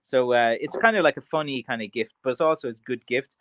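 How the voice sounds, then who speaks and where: A medium-pitched Irish man talks fast in a slightly bright voice, with a little hiss or hum on the recording. He's a craft seller hosting a livestream, chatting loosely with viewers and reading their comments, full of fillers and restarts.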